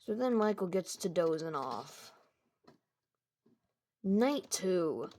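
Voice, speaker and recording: A woman's voice: medium pitch, lively intonation, takes it slowly, pauses often, a little hiss or hum. A woman rambling casually as she improvises a story over game footage. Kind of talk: improvised narration over gameplay.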